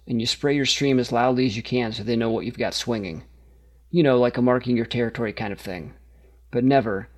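A man's voice: medium pitch, a little mellow, close to an everyday voice. A man voicing a smug male corporate executive lecturing an employee, casual but firm and emphatic.

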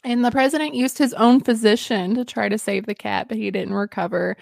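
A woman's voice: on the high side, steady tone, a little fast, creaky, darkish tone, no echo, clean studio sound. A woman hosting a casual history podcast, telling stories in a chatty, giggly way with lots of fillers. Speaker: podcast host.

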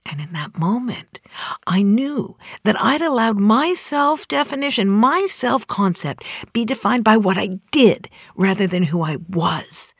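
A woman in her forties giving an earnest, measured spoken reflection with dramatic emphasis. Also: mid-range voice, animated, slightly rough, no echo, clean studio sound. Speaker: inspirational speaker.

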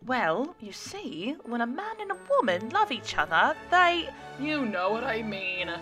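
A woman's voice: medium pitch, a little fast, over music, lightly acted. A woman voicing a young pregnant woman who talks with a dry, sarcastic edge. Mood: wry. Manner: teasing, sarcastic delivery.

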